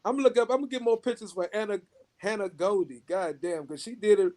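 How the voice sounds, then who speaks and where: A man co-hosting a podcast, talking in crude, excitable banter, swearing a lot and laughing often. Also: high voice, fast talker, a crowd in the background. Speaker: podcast co-host.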